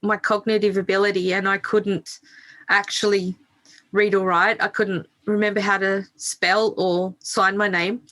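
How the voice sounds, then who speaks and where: A middle-aged woman tells her own story on a podcast with a bright, forceful edge to her voice. She speaks frankly, swears without hesitation and laughs at herself along the way. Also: mid-range voice, flat delivery, unhurried. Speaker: podcast guest. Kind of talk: candid interview storytelling.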